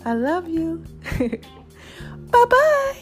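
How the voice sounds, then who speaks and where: Woman vlogger, high voice, playful and laughing, casual pep-talk delivery to viewers. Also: sing-song, extremely slow, soft background music. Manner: playful, laughing, calls viewers "baby" and "y'all". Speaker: vlogger giving life advice.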